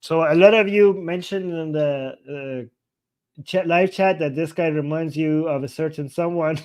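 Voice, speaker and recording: A man's voice: on the high side, a little slow, darkish tone. A man hosting a live stream, casually translating a video line by line and thinking aloud as he reads subtitles.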